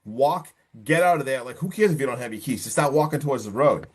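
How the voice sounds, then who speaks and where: A man's voice: mid-range voice, expressive, quick pace, slightly rough. A man voicing a frantic, worried woman on the phone, urgent and pleading as he retells a scene.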